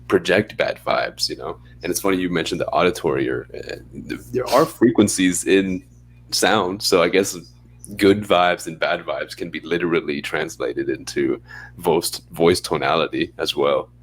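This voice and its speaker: A young man co-hosting a podcast in casual chat, relaxed and rambling, often laughing as he talks. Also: deep voice, moderate pace, slight background noise. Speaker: podcast co-host.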